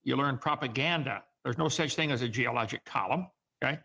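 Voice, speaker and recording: A man's voice: medium pitch, brisk, sharp tone. A man hosting a call-in show, lecturing in an emphatic, mocking way. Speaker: host. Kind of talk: argumentative call-in commentary.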